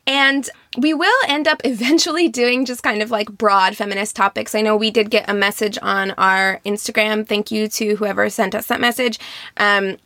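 A woman's voice: medium pitch, fairly even intonation, moderate pace, bright, forceful tone, no room sound, clean studio sound. A young woman co-hosting a podcast, chatting casually with lots of "like" and restarts. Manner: chatty, many likes and restarts. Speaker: podcast co-host.

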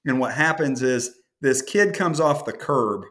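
Rambling, animated male podcast host. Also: mid-range voice, unhurried. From American Midwest. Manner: rambling, self-interrupting, animated anecdotes. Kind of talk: casual conversational storytelling.

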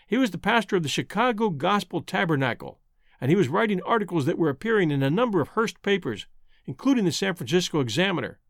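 Man, scripted narration, sardonic edge, slightly high voice, dry close sound. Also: dry recording.

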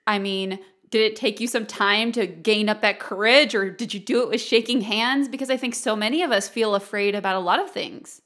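Brief: woman podcast host, mid-pitched, affirming interviewer. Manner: warmly affirming, asks thoughtful questions. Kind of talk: conversational interview.

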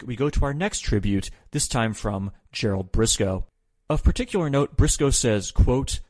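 A man's voice: medium pitch, dry recording. A man hosting a podcast, recapping old wrestling shows from a script with sardonic, opinionated asides. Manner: sardonic, dry sarcasm.

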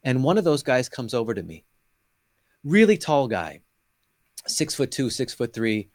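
A man's voice: mid-range voice, very animated, measured pace, a little mellow, dry recording. A middle-aged man, a guest in an interview, earnestly telling his personal faith testimony with emotion and acting out his past conversations.

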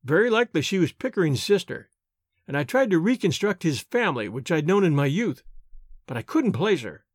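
A man narrating an audiobook in a measured, expressive reading. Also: a little high, no room sound, clean studio sound.

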